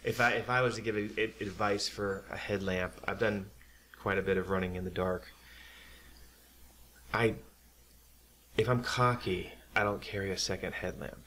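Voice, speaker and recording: A man's voice: on the low side, moderate pace, long pauses, slight background noise. A man hosting a casual podcast, encouraging his guest and sharing his own running stories, often restarting his sentences. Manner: relaxed, encouraging, repeats words and restarts. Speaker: podcast host.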